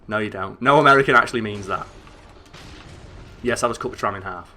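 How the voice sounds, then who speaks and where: A young man with a northern English accent, chatting excitably and swearing as he streams a game, rambling with lots of fillers. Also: medium pitch, fairly quick. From northern England. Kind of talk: casual gameplay commentary.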